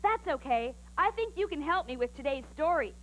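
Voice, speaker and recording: A woman's voice: high voice, sing-song, fairly quick, fairly bright tone. A woman hosting and telling stories on a children's TV show, in a bubbly, sing-song way. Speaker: children's TV host and storyteller.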